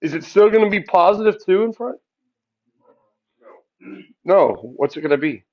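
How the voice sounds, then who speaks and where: A man teaching a math lesson, asking the class questions and answering them himself in a relaxed, chatty way. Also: high voice, moderate pace, muffled recording. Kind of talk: classroom lecture.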